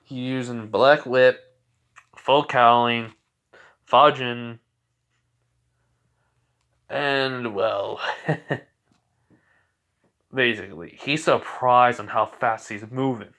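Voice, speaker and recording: A man's voice: mid-range voice, fairly even intonation, extremely slow, long pauses, fairly bright tone. A young man tells a fan story off the cuff, rambling and correcting himself with plenty of fillers. His delivery is loose and informal, like talking to viewers at home. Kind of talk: casual fan-fiction storytelling.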